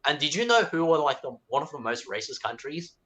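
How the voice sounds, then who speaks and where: A man with a bright, slightly raised voice chats casually as a caller. He is from China and strings his points together with a constant run of "like" and "um". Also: fairly high pitch, very animated. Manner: rapid chatter full of "like" fillers. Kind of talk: casual chat.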